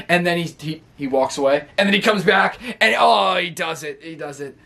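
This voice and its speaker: Man, fairly high voice, casual wrestling recap, rambling, laughs a lot, acts out quotes. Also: brisk, creaky, hardly any pauses, bright, forceful tone. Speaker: wrestling show reviewer.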